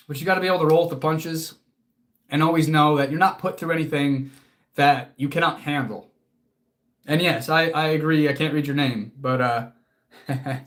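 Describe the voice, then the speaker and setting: A man's voice: a little high, normal speed, fairly bright tone. A man hosting a casual livestream as a fitness coach, answering chat in an earnest, motivational way, casually swearing and close to tears.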